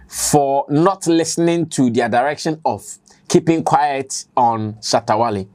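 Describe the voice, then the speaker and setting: A man's voice: on the high side, a little mellow. A Ghanaian man hosting his own online show, delivering a spoken editorial in an emphatic, conversational way that repeats his points. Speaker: commentator and online show host.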